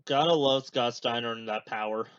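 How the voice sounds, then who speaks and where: A man's voice: mid-range voice, moderate pace, fairly bright tone, clean tone, no room sound, dull audio. A young man hosting a podcast, rambling casually through a watch-along with lots of filler words. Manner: rambling, many fillers, chatty asides. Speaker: podcast host.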